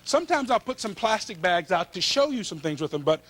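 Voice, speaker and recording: A man's voice: high-pitched, big pitch swings, brisk, a bit bright. A middle-aged man, hosting a cooking show in a folksy, enthusiastic way and talking straight to viewers. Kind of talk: upbeat cooking show presenting.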